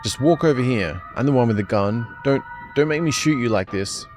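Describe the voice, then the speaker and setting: A man's voice: medium pitch, animated, brisk, darkish tone, soft background music, lightly acted. A man voicing a frantic middle-aged nun in a horror game, stammering desperate threats.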